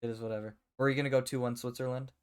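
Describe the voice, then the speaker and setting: A man's voice: medium pitch, flat delivery, racing, clear, resonant tone. Laid-back man hosting a chat. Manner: laid-back, joking, runs the turn order. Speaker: co-host. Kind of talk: casual chat. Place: remote online call.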